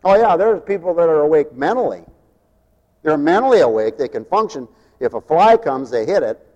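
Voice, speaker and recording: A man preaching a sermon, mocking and animated, swinging from loud to hushed. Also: fairly high pitch, moderate pace, highs cut off. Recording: long hall reverb.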